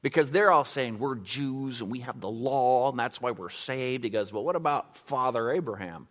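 A male pastor preaching in a relaxed, conversational way, full of ums and you-knows, who breaks into acted-out quotes. His voice sits at an ordinary pitch for a man. A long reverb from the hall trails after each phrase. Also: normal speed. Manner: conversational, animated, many fillers, acts out quotes. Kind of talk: sermon with Q&A.

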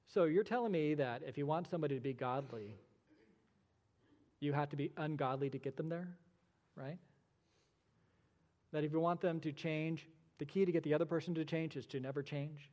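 This sermon comes from a male pastor whose somewhat high, dark voice echoes through a long hall reverb typical of a church sanctuary. He speaks briskly but pauses often, pressing points with rhetorical questions and dry, sarcastic asides.

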